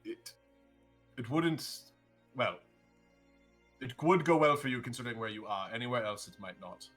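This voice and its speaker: A wry young adventurer who rambles through apologies with bursts of laughter, as a man plays him at the table. His voice comes across bright and forward at a middle pitch. Soft music plays behind. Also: moderate pace, close to an everyday voice. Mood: wry, apologetic. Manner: rambling, laughs between words. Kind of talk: tabletop role-play in character.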